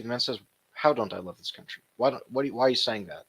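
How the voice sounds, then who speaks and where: Male show host reacting to clips, sarcastic and loose, middle pitch. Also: moderate pace, husky. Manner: mocking, animated retelling of clips. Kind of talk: casual reaction commentary.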